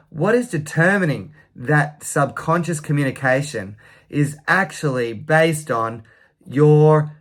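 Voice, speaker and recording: A male sales coach delivers an emphatic motivational talk to camera. His voice sits a little higher than most men's, and he teaches in a direct style, correcting himself and checking in with "right?" as he goes. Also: fairly bright tone.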